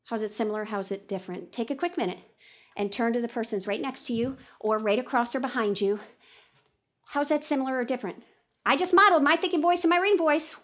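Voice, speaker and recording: A woman's voice: fairly high pitch, fast. A woman teaching a class, reading a text aloud and voicing her thoughts about it as she goes. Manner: animated, switching between reading aloud and thinking aloud. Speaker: teacher trainer. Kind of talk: classroom think-aloud demonstration. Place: classroom with an audience.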